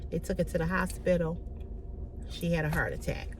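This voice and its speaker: A woman vlogger telling a personal story in an animated, emphatic way, repeating her key lines. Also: lowish voice, moderate pace, noisy background.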